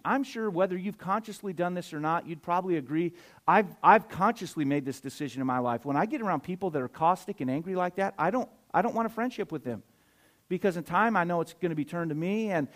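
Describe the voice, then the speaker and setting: A middle-aged man, a pastor preaching a sermon, swinging between loud emphatic surges and quiet asides. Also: a little high.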